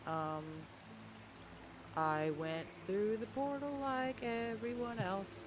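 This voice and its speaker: A woman playing a tabletop game, answering in character with indignant, quick retorts. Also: fairly high pitch, background noise. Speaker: player.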